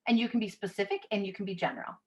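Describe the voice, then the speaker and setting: A woman's voice: medium pitch, lively intonation, racing, a little mellow. A woman in her thirties hosts a live online session over a video call. Her talk is conversational and direct, and she often reads the audience's chat messages aloud. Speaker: workshop facilitator.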